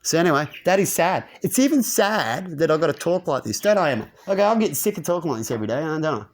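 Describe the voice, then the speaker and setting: Fast and animated, this man speaks with a fairly high pitch. As host of his channel, he delivers a rambling, ranting monologue to camera, ending point after point with a rhetorical "right?".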